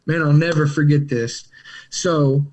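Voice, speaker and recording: Man, animated storyteller. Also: fairly high pitch, unhurried. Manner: animated, acts out quotes in character voices; Southern dialect with casual slang. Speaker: guest in recovery. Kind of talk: personal recovery storytelling.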